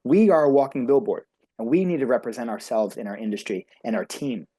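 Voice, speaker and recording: A talkative man speaks as a guest coach, his delivery quick and emphatic. His voice has a warm, mellow tone. He rushes from point to point with motivational energy. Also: mid-range voice, husky. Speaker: beauty industry coach, podcast guest.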